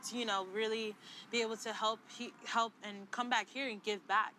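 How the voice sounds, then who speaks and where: A young woman guest speaks earnestly about her own story, sincere and unhurried in tone. She is recorded outdoors in a city garden, with traffic and street noise clearly audible. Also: a little high, steady tone, sharp tone. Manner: earnest, sincere, with you-knows. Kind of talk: personal story in an interview.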